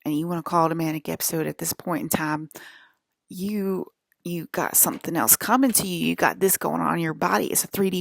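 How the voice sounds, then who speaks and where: Speaking to camera fairly quickly, this woman has a fairly low pitch, fairly even intonation and vocal fry. Her rambling vlog monologue is emphatic and profane, punctuated by repeated checks of "okay?", with no room sound at all.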